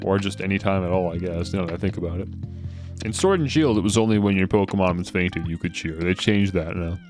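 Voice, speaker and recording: Brief: a chatty, self-deprecating gamer with a lowish voice, faint music behind. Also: male voice, brisk, darkish tone. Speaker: game streamer. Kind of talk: casual gameplay commentary.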